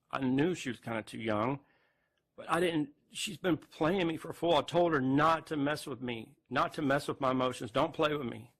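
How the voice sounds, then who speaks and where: A distraught man, speaking haltingly to camera near tears and repeating himself. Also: mid-range voice, gravelly, fairly bright tone. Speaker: man recording a farewell video. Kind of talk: emotional direct-to-camera confession.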